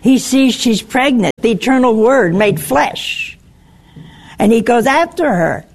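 A woman preaching a sermon in a slow, emphatic way, her voice rising on exclamations. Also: a little high, lively intonation.

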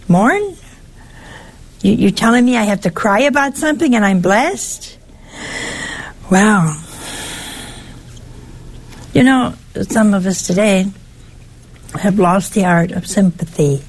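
A woman, older, preaching a sermon with lively, teasing rhetorical questions. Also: medium pitch, gravelly, husky.

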